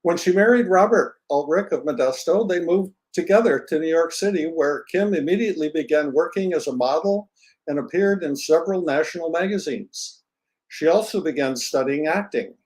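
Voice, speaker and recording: A man's voice: a little high, a little mellow, rough recording. A man hosting an interview, reading a guest's introduction and then chatting in a friendly, joking way. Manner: friendly, jokey, self-deprecating. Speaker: interviewer host.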